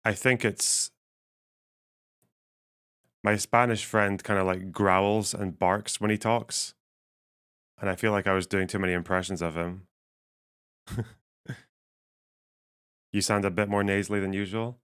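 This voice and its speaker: A man live-streaming casual commentary while reading chat, his voice strained and missing its lower range, swearing and laughing as he thinks aloud. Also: steady tone, unhurried, pauses often, fairly bright tone, smooth.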